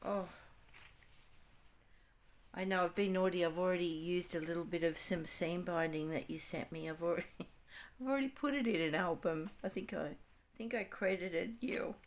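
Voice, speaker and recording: An Australian woman in her sixties chatting casually as she unboxes mail, gushing and exclaiming over each item. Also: lowish voice. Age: 60s. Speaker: craft vlogger.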